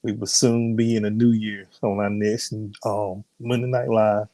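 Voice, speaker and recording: A man's voice: on the low side, level tone, measured pace, dark tone, no echo. A man hosting a live ministry broadcast while sick, his voice strained; he chats casually, greets viewers by name, then prays and preaches. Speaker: host and minister. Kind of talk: live-streamed sermon and chat.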